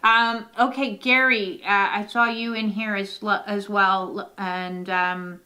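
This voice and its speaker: A woman's voice: medium pitch, little pitch movement, slow, pushed and bright. A woman giving a casual, rambling oracle card reading, full of fillers and the odd swear word.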